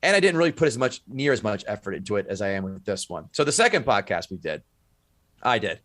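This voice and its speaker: A man's voice: fairly low pitch, very animated, quick pace, fairly bright tone, no room sound. A man who is a stand-up comic, telling stories animatedly in a casual podcast chat, swearing and acting out quotes.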